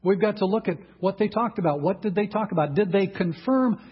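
Male preacher, slightly high and very husky, emphatic sermon delivery, dull lo-fi sound. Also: a little fast. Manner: emphatic, rhetorical questions to the audience.

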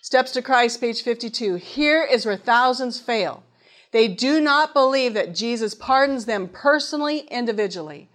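A middle-aged woman delivers a sermon, her voice sitting slightly above the usual pitch. She speaks earnestly and reads scripture aloud. She often turns to her listeners with questions. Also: animated, moderate pace, a bit bright. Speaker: preacher.

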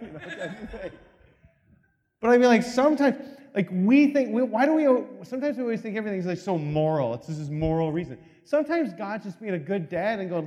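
A man preaching a sermon as pastor, telling stories with comic asides and quick laughs, in a reverberant church hall. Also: high voice, sing-song, darkish tone.

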